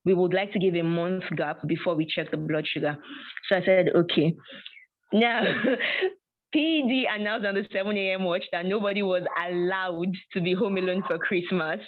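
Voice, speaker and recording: A woman telling a personal testimony in an animated way, acting out dialogue and often laughing. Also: lowish voice, normal speed. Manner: animated storytelling with frequent laughs and quoted dialogue. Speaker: guest sharing a personal testimony. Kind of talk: storytelling testimony. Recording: tinny phone-like audio.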